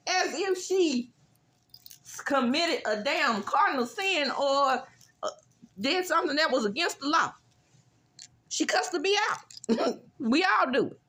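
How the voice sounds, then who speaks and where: A woman hosting a casual reality TV recap, blunt and sassy, with animated reactions. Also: fairly high pitch, a little slow.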